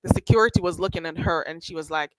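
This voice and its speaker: A woman's voice: low-pitched, fast talker, no room sound, low-quality recording. A woman, nasal and congested, casually telling a gossip story to her livestream chat with many restarts and asides. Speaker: livestream host.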